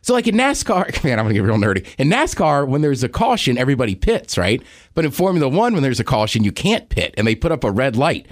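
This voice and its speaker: Guy cohosting a podcast, gets nerdy about racing, bouncy lively voice. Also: mid-range voice, quick pace, no echo, clean studio sound. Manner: eager, nerdy sports explainer. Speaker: podcast co-host. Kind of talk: casual chat.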